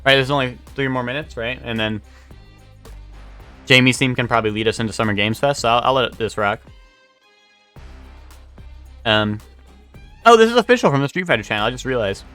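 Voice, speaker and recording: Bright-voiced young man chatting on stream. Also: medium pitch, expressive, brisk, long pauses, smooth, soft background music. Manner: rambling, chatty, reads out chat and answers it. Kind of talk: casual live-stream chat.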